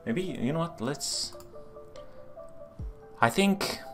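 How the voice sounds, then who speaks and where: A man's voice: a little high, lively intonation, drawn-out words, fairly bright tone, soft background music. A man with a Quebecois French accent, live-streaming as he codes, thinking aloud and answering chat questions with lots of fillers and restarts. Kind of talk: casual live-stream chat while coding.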